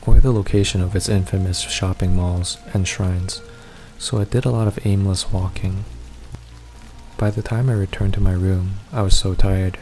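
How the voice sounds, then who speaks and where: A man narrating a first-person horror story in a steady, measured reading. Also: low-pitched.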